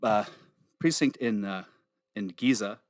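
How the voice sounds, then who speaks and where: Profane, animated man telling a story. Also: on the low side, a little slow, dry recording, studio quality. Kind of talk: casual podcast chat, storytelling.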